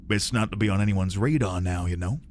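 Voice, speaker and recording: A man putting on a gruff Texan office drawl. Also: deep voice, a little fast, a little hiss or hum, voice pushed down, close to an everyday voice. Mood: grumbling. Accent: put-on Texan American. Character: gruff American office worker reading a memo.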